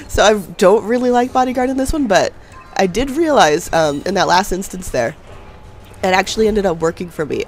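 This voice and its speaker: A young man's high voice, edged with vocal fry, carries casual voice-over commentary on a game he's playing. His nose is stuffy from a cold, and he's chatty, laughs often, and makes jokes at his own expense over faint background music.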